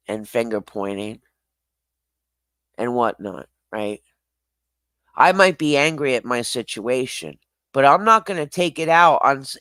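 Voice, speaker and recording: Slow-talking, foul-mouthed man livestreaming. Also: medium pitch, a bit bright, no room sound. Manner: rambling, profane, self-deprecating, laughs often. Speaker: livestream host. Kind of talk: casual livestream chat.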